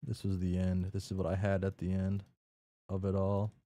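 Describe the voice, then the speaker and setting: A man's voice: deep voice, monotone, normal speed, dark tone, dry recording. A man streaming a game, talking casually and rambling as he recaps what he played. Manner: rambling, many fillers and restarts.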